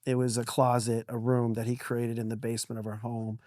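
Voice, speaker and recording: Middle-aged pastor telling a lively story. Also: male voice, mid-range voice, brisk, dry recording, studio quality. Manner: animated, laughs often, acts out quotes. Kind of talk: storytelling on a podcast.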